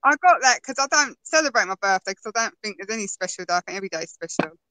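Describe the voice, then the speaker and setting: A woman chatting as a guest, telling lively stories and laughing often. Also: medium pitch, racing, no echo, poor audio. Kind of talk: casual conversation.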